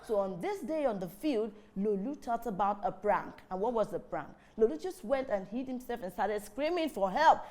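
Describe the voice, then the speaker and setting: High-voiced woman telling children a story. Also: normal speed, few pauses. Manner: lively, calls the audience to join in. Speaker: children's storyteller and show host.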